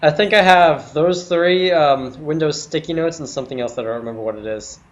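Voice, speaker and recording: A man's voice: a little high, a little fast, dull audio. A man streaming a video game, chatting casually and commenting on his play. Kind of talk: casual chat while gaming.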